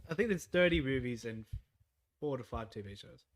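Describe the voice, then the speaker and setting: A man's voice: mid-range voice, lively intonation, moderate pace. A man with an Australian accent co-hosting a casual podcast, playful and joking, swearing casually. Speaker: podcast co-host. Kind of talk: casual chat. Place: studio room, live-streamed podcast.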